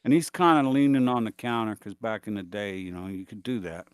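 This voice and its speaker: Male guest, lowish voice, rambling casual anecdotes, dry recording. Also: expressive, fairly quick, clean tone, no echo. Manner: rambling, hesitant with fillers. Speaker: guest chatting. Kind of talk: casual chat.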